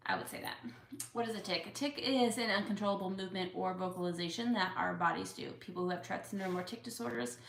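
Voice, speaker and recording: Her voice sits on the low side, fairly bright but creaky, and she talks at a quick pace over slight background noise. A young woman with tics, she answers viewers' questions in a casual, chatty, openly emotional Q&A full of fillers, filmed in an echoey home room with a couch.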